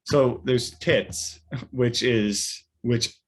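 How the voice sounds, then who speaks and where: A man's voice: mid-range voice, steady tone, drawn-out words. A young man, a podcast co-host, telling a rambling weekend story in casual chat with lots of fillers and restarts.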